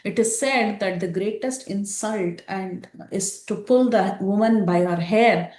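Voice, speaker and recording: A woman teaching a scripture class, retelling an epic story in an animated way with many fillers. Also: medium pitch, unhurried, reverberant.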